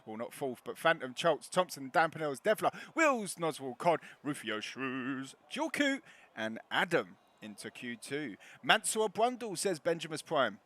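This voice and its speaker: A man's voice: fairly high pitch, sing-song, measured pace, bright, forceful tone. A man commentating casually on a sim race stream, laughing often and reading out chat messages. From Scotland.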